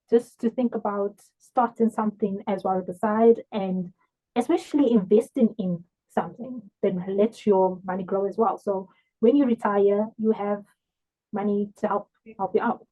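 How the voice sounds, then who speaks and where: A woman's voice: mid-range voice, steady tone, normal speed, warm tone. A woman co-hosting a podcast, chatting casually and giving reflective advice. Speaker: podcast co-host. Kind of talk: casual recap chat. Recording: phone-like narrow sound.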